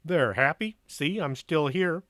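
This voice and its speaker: A man's voice: a little high, expressive, measured pace, a bit bright, no room sound, pitched above the performer's own voice. Male narrator putting on a nervous, protesting man; dry close sound. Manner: whiny, protesting.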